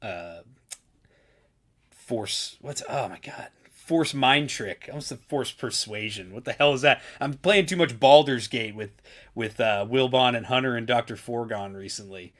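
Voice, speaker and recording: A man's voice: medium pitch, a little slow, fairly bright tone. Laid-back chatty male streamer. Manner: laid-back, chatty, full of fillers like "dude". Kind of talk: casual live-stream chat.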